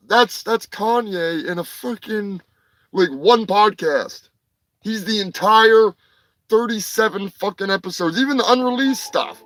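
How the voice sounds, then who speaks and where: A man hosting a crude comedic news show, rambling profanely and breaking into shouted bits. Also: sits high, unhurried, dry recording, poor audio. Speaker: host.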